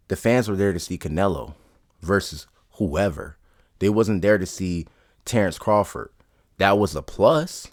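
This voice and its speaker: A man with a fairly low voice talks through boxing in a loose, rambling commentary. He is blunt and opinionated and keeps piling on points.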